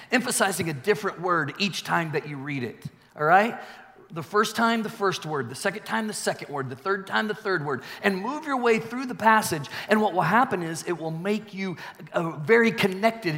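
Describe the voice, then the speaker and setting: In a church sanctuary with the long reverb of a large hall, a male pastor preaches in a high, pushed, bright voice. He is emphatic, repeats key phrases, and calls out for the congregation to respond.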